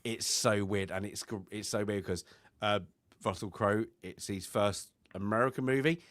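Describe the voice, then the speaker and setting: A man's voice: fairly low pitch, fairly even intonation, moderate pace, a bit bright, no room sound. A man co-hosting a film review chat, talking in a rambling way with many fillers and restarts. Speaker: film club co-host.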